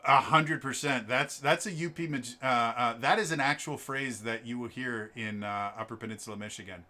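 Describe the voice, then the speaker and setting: A man from Wisconsin running a tabletop game, chatting casually with animated, joking asides. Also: mid-range voice, normal speed. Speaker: game master. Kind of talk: casual chat.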